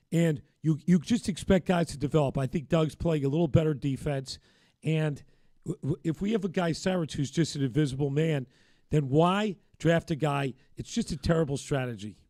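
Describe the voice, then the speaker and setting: A man co-hosts a live sports talk stream and keeps the conversation on track with measured remarks and dry quips. His voice is a touch high. The recording is close and dry. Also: mellow, no room sound. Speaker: sports talk show co-host.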